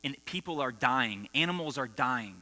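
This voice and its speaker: At normal speed, a man preaches a conversational sermon to students in a school assembly hall, telling stories and putting questions to the audience. His medium-pitched voice is expressive, pushed and bright. The recording has long hall reverb and mains hum.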